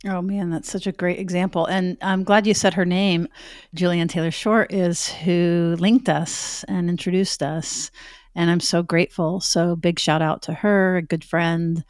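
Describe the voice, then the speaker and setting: A woman's voice: on the low side, steady tone, measured pace, darkish tone, no room sound, clean studio sound. Effusive woman podcast host. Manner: effusive, appreciative, chatty. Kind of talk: conversational interview.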